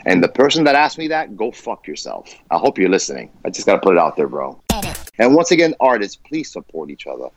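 A man's voice: low voice, huge pitch swings, quick pace, no room sound. A man talking as a guest on a podcast, passionate, emphatic and heavy on profanity. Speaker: guest musician. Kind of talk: candid podcast conversation. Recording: dull lo-fi dry sound.

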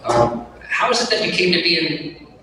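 A man's voice: a little high, big pitch swings, moderate pace, bright, forceful tone, distant mic, soft background music. A man moderating a convention panel, asking long, rambling questions and correcting himself as he goes. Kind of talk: casual interview questions. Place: large convention hall. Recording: echoey hall with crowd noise.

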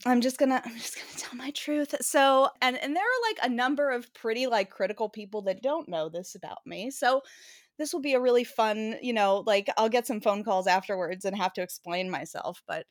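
A woman's voice: fairly high pitch, lively intonation, brisk, dry recording, clean studio sound. A woman in her thirties co-hosting a podcast, chatting casually and laughing as she thinks aloud. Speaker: podcast co-host. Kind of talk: casual chat.

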